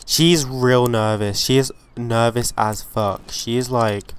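A man hosting a let's play, giving chatty, excitable gameplay commentary and swearing freely. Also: medium pitch, takes it slowly, few pauses, clear, resonant tone.

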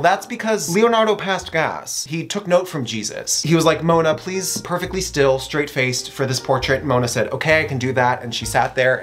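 A man's voice: medium pitch, a bit bright. A man giving comic, mock-serious commentary on famous paintings and briefly putting on silly voices for the figures in them. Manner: playful, mock-serious, voices characters in quick bits. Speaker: comedy YouTuber. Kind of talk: deadpan comedic commentary.

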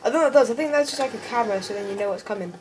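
A woman giving excitable gameplay commentary, often exclaiming in alarm. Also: fairly high pitch, rapid-fire. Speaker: gamer. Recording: noisy game audio behind.

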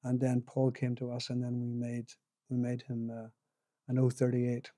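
A man's voice: medium pitch, monotone, normal speed, warm tone, no echo, studio quality. An older man from Northern Ireland with a Northern Irish accent, telling modest, chuckling anecdotes with restarts as a guest in an interview. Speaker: guitar maker, podcast guest. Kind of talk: casual storytelling interview.

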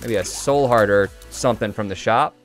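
A man's voice: on the low side, normal speed, soft background music. A man giving casual, chatty commentary while streaming a game and answering his chat.

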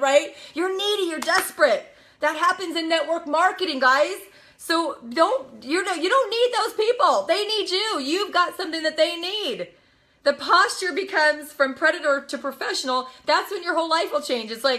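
A young woman coaching a live audience with a high, bright voice. She talks with emphatic energy and drops into playful acted-out quotes. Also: animated, normal speed. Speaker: network marketing coach. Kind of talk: live motivational talk.

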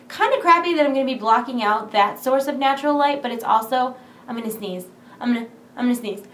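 A young woman vlogging casually from home, rambling with lots of "like", excited and nervous, recorded on her camera mic in a big empty room. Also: sits high, echoey room, slight background noise. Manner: chatty, rambling, full of "like". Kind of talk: casual vlog chat. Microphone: camera's built-in mic.

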